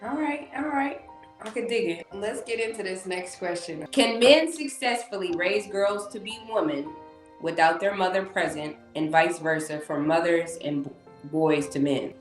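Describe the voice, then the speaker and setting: A woman hosting a debate show over a video call, brisk and upbeat as she moves things along. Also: on the low side. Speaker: host. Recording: echoey room, faint music.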